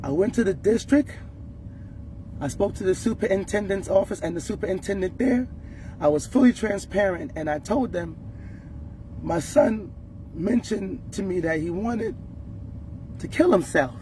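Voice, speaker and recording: A woman's voice: mid-range voice, expressive, normal speed, long pauses, noisy background. Distressed mother making an urgent appeal. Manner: distressed and urgent, voice rising in anger. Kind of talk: emotional direct-to-camera appeal.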